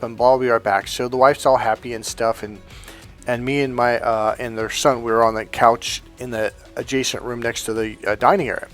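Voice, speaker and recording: A man and dating coach telling a casual anecdote in a rambling, profane way, with many restarts. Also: mid-range voice.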